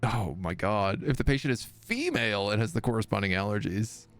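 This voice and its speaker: A man's voice: fairly low pitch, lively intonation, a little fast, fairly bright tone, faint music behind. A man streaming a video game, reading the on-screen text aloud and breaking off with jokey asides. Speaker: gaming streamer. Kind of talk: let's-play commentary.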